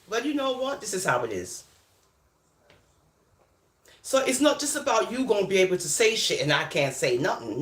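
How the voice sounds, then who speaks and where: A woman's voice: medium pitch, big pitch swings, moderate pace, long pauses. Chatty woman, echoey room. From born in England, raised in America. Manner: laughing, chatty, switching between patois and standard speech. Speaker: live-stream host answering comments. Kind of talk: casual live-stream chat.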